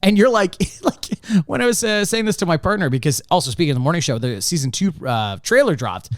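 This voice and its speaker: A man co-hosting a podcast in casual chat, rambling and animated, with lots of fillers and laughs. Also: on the high side, a little fast, dry recording, studio quality. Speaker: podcast co-host.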